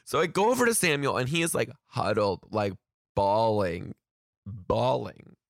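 A man, a teacher, chatting casually with viewers as he tells a story in an animated way, swearing now and then. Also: lowish voice, measured pace, creaky, no room sound, studio quality.

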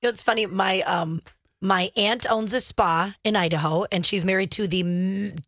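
A woman's voice: medium pitch, normal speed, a bit bright, no room sound, studio quality. Chatty woman co-hosting a radio show. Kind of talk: casual chat.

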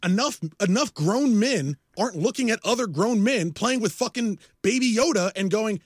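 A man's voice: sits high, expressive, moderate pace, few pauses, no echo, clean studio sound. A man in his forties, a podcast co-host, ranting casually with a profane, exasperated manner.

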